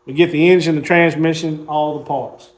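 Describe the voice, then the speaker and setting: A man's voice: a little high, steady tone, normal speed. A man, casually telling a rambling story while showing his car collection. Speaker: car hobbyist host.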